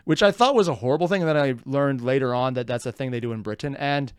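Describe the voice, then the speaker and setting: A man hosting a reaction channel, giving casual, wry commentary in an animated way. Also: mid-range voice, fast talker, clear, resonant tone, dry recording, clean studio sound. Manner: animated and wry, often laughing.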